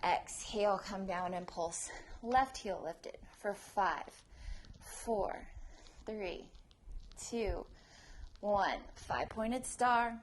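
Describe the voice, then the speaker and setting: A woman's voice: medium pitch, extremely slow, long pauses, slight background noise. Encouraging female prenatal yoga instructor. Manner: encouraging, counts down reps, cueing breath. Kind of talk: guided yoga class instruction.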